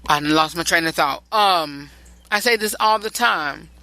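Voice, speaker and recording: A man's voice: fairly high pitch, moderate pace, creaky, pushed and bright, low-quality recording. A male podcast host giving relationship advice in a rambling, repetitive and preachy solo talk.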